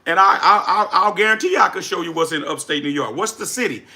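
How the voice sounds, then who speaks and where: A man with a Southern Louisiana drawl chats live with his viewers. His voice sits high and rings very bright. He talks with energy and repeats his points like a preacher. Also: fast talker, a little hiss or hum. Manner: energetic, reads chat names aloud, preacherly repetition. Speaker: livestream host, business coach. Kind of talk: casual livestream chat.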